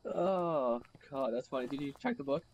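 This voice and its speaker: A man's voice: medium pitch, moderate pace, darkish tone, muffled recording, a little hiss or hum. A man playing a horror game with a friend, teasing and laughing at his friend's fright. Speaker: co-player friend. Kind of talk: casual gaming chat.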